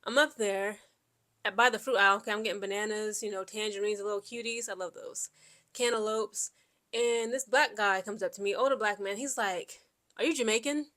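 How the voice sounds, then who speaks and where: A chatty woman from Central Ohio tells personal stories to the camera. She rambles, scatters "like" and "okay?" through her talk, and acts out both sides of conversations, all at an ordinary, middle pitch. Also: a little fast. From Central Ohio, USA. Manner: quotes people in lively back-and-forth. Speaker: Air Force veteran vlogger. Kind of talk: casual personal storytelling.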